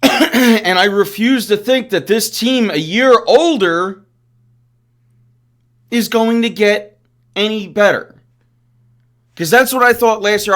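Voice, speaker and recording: A man with a fairly high voice hosts a live-streamed sports talk show. He talks slowly, drawing out his words, and swears freely as he rants and laughs at his own sarcasm. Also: lively intonation, fairly bright tone. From Philadelphia area.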